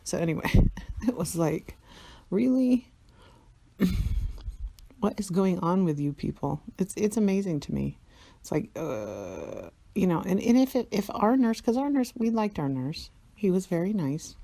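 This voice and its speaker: A woman's voice: fairly low pitch, sing-song, moderate pace, vocal fry, warm tone, no room sound. A tired woman in a casual vlog monologue, rambling, swearing a lot and laughing often. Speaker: vlogger.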